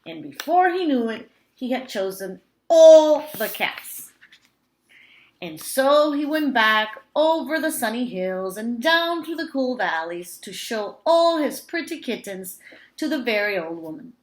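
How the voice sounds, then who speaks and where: A woman teacher reading a picture book aloud to young children, with expressive storytelling. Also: a little high, unhurried. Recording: roomy echo.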